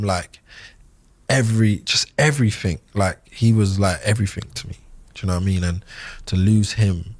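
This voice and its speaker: A man in his thirties, a podcast guest, recalling a loss in a halting way with many fillers and restarts. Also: on the low side, dry recording. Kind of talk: emotional interview recollection.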